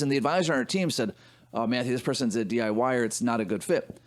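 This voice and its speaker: A man talks quickly and emphatically on a financial advice podcast. His pitch sits in a middle range. He keeps checking in with "right?" as he lays out his points. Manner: fast, emphatic explaining with rhetorical "right?". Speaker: podcast co-host, financial advisor. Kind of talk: casual business podcast chat.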